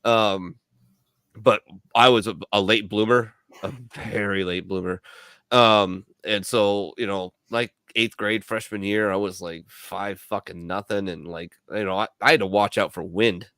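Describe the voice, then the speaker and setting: A man's voice: on the low side, steady tone, unhurried, a bit bright, smooth, no room sound, studio quality. A man from Milwaukee, a veteran co-host of a radio show, rambling through profane stories in casual chat full of fillers.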